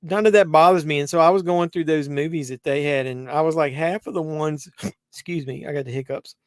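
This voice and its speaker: A man's voice: on the high side, fairly even intonation, brisk, dry recording, studio quality. A man hosting a live movie watch-along, rambling conversationally with many fillers and restarts. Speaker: host.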